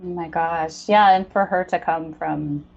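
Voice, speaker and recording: A woman's voice: deep voice, fairly even intonation, unhurried, creaky, muffled recording. A woman co-hosting, talking enthusiastically and in a rambling way. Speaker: co-host. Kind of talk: casual chat.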